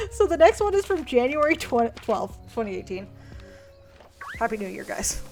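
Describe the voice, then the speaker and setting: A young woman streams herself casually reading old letters, ridiculing her past self and cursing liberally. She sits on the high side with a slightly mellow tone, and faint music can be heard behind.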